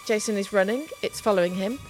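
A woman's voice: mid-range voice, fast, a little mellow, soft background music. Upbeat woman reading out specs. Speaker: tech show host. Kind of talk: casual chat with spec rundown.

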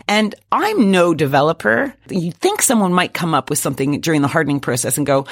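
A man's voice: fairly high pitch, big pitch swings, brisk, hardly any pauses, dry recording, clean studio sound. A man co-hosting a casual tech podcast, explaining with lots of "right?" tags. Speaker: podcast co-host.

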